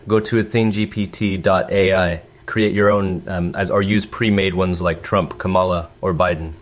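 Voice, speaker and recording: A man's voice: deep voice, fairly even intonation, moderate pace. A man presenting a product announcement in a slightly hesitant way with fillers. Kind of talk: promotional announcement.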